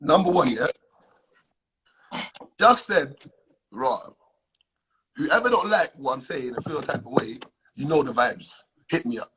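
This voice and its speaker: A man's voice: mid-range voice, a little slow, long pauses, a little hiss or hum, rough recording. A man calling into a live stream to argue insistently, tagging his points with "bro.". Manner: insistent, argumentative, lively.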